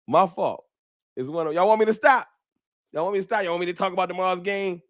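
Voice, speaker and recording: A man hosting a fan livestream, talking trash in a preachy, animated way and reading viewer chats aloud. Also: high voice, fast talker. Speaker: sports fan show host.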